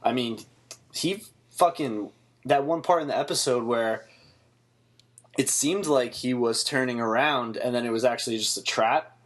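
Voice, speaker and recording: A man in casual conversation, reviewing a TV episode with blunt, mocking opinions and plenty of swearing. His voice sits at an average pitch and he talks in an easygoing, offhand way. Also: moderate pace. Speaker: podcast co-host.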